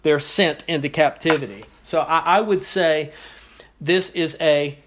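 A man preaching an expository sermon, teaching in a measured way with pauses and repeated phrases. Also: fairly high pitch, steady tone, fairly bright tone.

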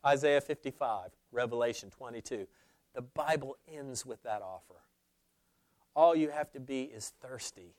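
A man preaching a sermon, swinging between loud, emphatic declarations and hushed, low asides. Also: no echo. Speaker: pastor.

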